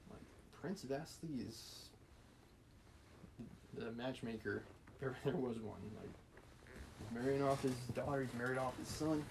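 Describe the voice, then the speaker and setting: A man's voice: medium pitch, measured pace, gravelly, pauses often, background noise. A man hosting a live stream, reading a classic novel aloud in a casual way with joking asides and small slips. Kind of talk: casual read-aloud with commentary.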